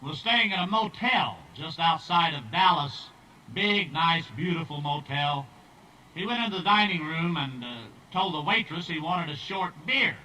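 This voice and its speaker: A man tells drawn-out folksy jokes in a high, bright, forceful voice. He sounds set back from the microphone. The recording comes from an old tape. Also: lively intonation, a little hiss or hum. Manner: drawling storyteller, puts on character voices. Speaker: stand-up comedian. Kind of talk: folksy joke-telling. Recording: distant, old tape transfer.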